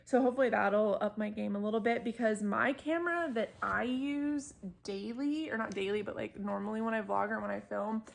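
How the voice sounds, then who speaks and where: Chatty young woman with a gravelly edge. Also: fairly high pitch, brisk, few pauses. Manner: chatty, animated, frequent fillers and laughter. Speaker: book vlogger. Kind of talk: casual chat to camera. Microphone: camera mic.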